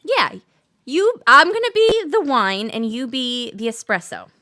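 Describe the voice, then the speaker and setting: A woman with a high, bright, ringing voice chats casually between songs. Her pitch swings widely and she laughs easily. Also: very animated. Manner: chatty, quick to laugh. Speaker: singer-songwriter.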